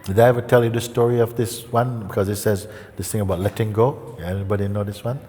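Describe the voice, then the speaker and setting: A man giving a satsang talk as a spiritual teacher, gentle and unhurried, often checking in with listeners by asking questions. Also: lowish voice, fairly even intonation, a little hiss or hum. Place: large meeting hall. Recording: echoey hall with faint ambience.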